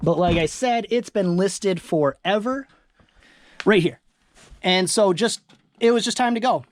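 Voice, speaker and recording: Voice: mid-range voice, measured pace. A chatty eBay reseller from northern Michigan, rambling casually through their sales while moving around a home storage room. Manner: rambling, chatty, self-deprecating. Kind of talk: casual vlog.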